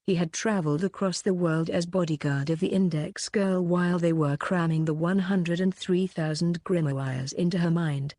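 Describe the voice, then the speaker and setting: A woman narrating an audiobook with a steady, even reading. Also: lowish voice, normal speed, few pauses, no echo, clean studio sound.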